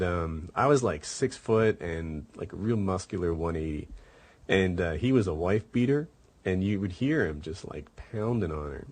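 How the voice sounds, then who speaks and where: Host type: middle-aged man, very low husky voice, loose rambling storyteller. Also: a little mellow. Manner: rambling, many fillers, acts out quotes. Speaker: podcast host. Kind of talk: casual storytelling chat.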